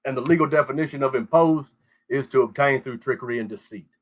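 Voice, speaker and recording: A fast-talking man with a medium-pitched voice hosts a show, ranting and rambling crudely with heavy profanity in a casual way. He's heard over call audio, and the recording is muffled.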